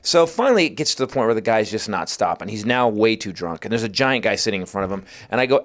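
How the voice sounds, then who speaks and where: A middle-aged man, a comedian guest on a podcast, telling an animated, profane anecdote and acting out voices. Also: fairly low pitch, fast talker, few pauses. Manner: lively, acts out voices in his anecdotes, swears freely.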